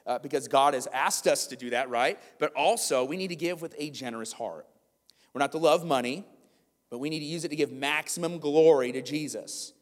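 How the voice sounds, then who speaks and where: Pastor preaching in an echoing hall. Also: male voice, on the high side. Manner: conversational, joking asides, builds to emphatic preaching. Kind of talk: sermon. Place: church auditorium. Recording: reverberant hall.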